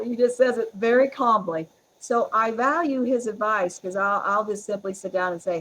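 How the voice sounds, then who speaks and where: A middle-aged woman, chatting as a podcast guest, strong-willed and quick to laugh. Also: a little high, low-quality recording. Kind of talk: casual interview chat.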